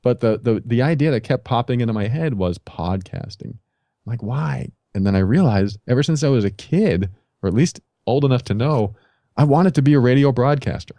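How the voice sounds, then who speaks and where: A man's voice: medium pitch, lively intonation, normal speed, warm tone, no echo. A man guest on a podcast, telling his life story in a casual interview and acting out his own past reactions.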